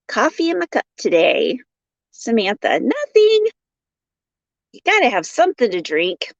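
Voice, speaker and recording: A playful woman hosts a crafting livestream, greeting viewers by name and laughing between comments. Her voice sits a little high and swoops all over the place as she talks. It comes through dry and slightly dull, like a lo-fi phone stream. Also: no room sound. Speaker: crochet livestream host. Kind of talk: casual livestream chat, reading viewer comments. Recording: dull lo-fi sound.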